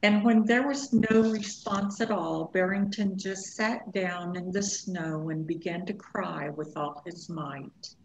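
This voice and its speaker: A woman teacher reading a storybook aloud in a slow, expressive way for a lesson. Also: on the low side. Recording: echoey room, dull lo-fi sound.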